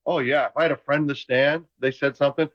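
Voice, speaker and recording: A man in his sixties, a retired football player calling in from a room at home, telling lively stories in casual chat. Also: mid-range voice, fast talker, highs cut off. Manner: animated, enthusiastic anecdotes. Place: home room full of memorabilia.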